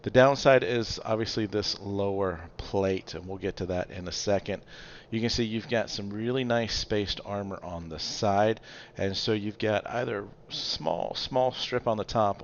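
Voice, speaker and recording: Man, casual game commentary, fillers and chuckles, slightly muffled, faint hiss. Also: on the low side. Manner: chatty, loose, many fillers, chuckles often. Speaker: game reviewer.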